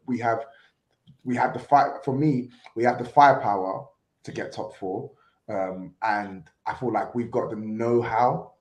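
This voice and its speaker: A man giving a measured football opinion on a podcast over a call, with some restarts. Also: mid-range voice, a little mellow. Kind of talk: casual chat. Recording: roomy echo.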